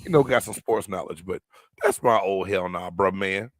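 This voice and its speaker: A man's voice: low-pitched, moderate pace, a bit bright, no room sound. A man co-hosting a sports podcast, rambling in slangy banter with frequent restarts. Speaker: podcast co-host. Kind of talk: casual sports podcast chat.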